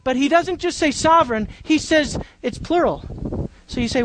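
A woman's voice: high-pitched, moderate pace, dry recording, poor audio. A woman preaching a Bible-teaching sermon, drawing out key words for emphasis and putting questions to the congregation.

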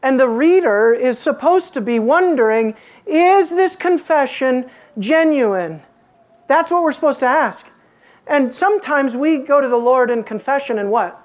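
A woman with a fairly high voice preaches an expository sermon. She asks her congregation rhetorical questions and drops to hushed emphasis on key phrases. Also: normal speed.

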